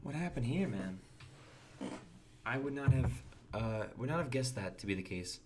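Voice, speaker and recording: A man's voice: medium pitch, expressive, moderate pace, background noise. A young man chatting casually while streaming a game, reading and answering chat and often restarting his words. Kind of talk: casual gameplay commentary.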